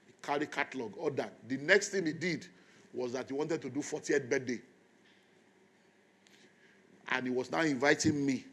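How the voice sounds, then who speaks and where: A middle-aged man with a Nigerian accent preaches to a congregation, his voice sitting at an everyday middle pitch. He tells a long personal story and then turns to the crowd, telling them to repeat lines to the people beside them. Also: normal speed, pauses often, a bit bright. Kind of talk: sermon.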